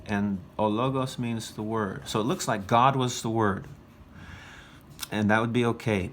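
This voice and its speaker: A man's voice: medium pitch, slight background noise. A man demonstrating a classroom lesson as a teacher trainer, patiently drilling phrases aloud and encouraging the class.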